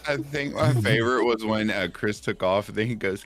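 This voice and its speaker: A man's voice: mid-range voice, a little fast, hardly any pauses. A man chatting as a stream guest, jokey and laughing often. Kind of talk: casual chat.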